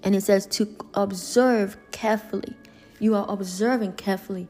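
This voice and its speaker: Woman preacher, mid-pitched, emphatic and repetitive, faint music underneath. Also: steady tone, normal speed, darkish tone. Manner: earnest, repetitive, emphatic preaching with many restarts. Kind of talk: sermon.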